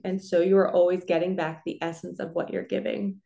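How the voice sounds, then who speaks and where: A woman, a spiritual coach, giving a relaxed, chatty card reading and talking her listeners through slow belly breathing. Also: lowish voice, gravelly. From New Jersey. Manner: relaxed, chatty, reassuring, lots of "like" and "so".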